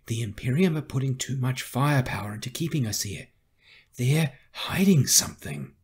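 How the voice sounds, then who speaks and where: A man's voice: mid-range voice, moderate pace, breathy edge, pitched above the performer's own voice. A man voicing a determined young woman rebel soldier who argues with her superiors, earnest and pleading, in an audiobook. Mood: insistent.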